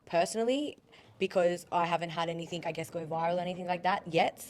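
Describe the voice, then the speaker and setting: A woman's voice: fairly low pitch, steady tone, quick pace, a little hiss or hum. A young Australian woman, a rapper guest on a podcast, chatting casually with lots of "like" and wandering off on tangents. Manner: chatty, heavy use of "like", goes off on tangents.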